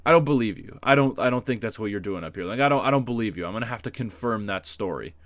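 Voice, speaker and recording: A man's voice: fairly low pitch, expressive, brisk, dry recording, lightly acted. A man voicing a stern, angry male band teacher who scolds a student. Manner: scolding, loud and accusing.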